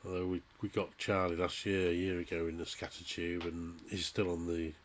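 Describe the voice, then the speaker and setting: A man giving a halting, tearful farewell in a vlog, speaking softly with pauses and restarts. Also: sits low, monotone, a little hiss or hum. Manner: halting, soft-spoken, pausing and restarting. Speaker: vlogger. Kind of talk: emotional farewell monologue.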